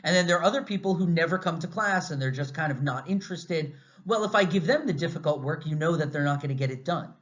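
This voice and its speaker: American guy lecturing, a bit higher voice, chatty with lots of questions, kinda muffled audio. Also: quick pace, few pauses. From United States. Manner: animated, conversational, asks the class many rhetorical questions. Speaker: university lecturer. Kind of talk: recorded lecture. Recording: slightly dull, muffled audio.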